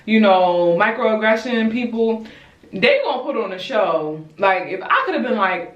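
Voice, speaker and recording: A young woman from Baltimore chatting casually with viewers while she does her hair, animated and blunt, calling them y'all and swearing freely. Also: medium pitch, measured pace, muffled recording. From Baltimore, USA. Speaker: YouTuber. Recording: roomy echo, distant mic.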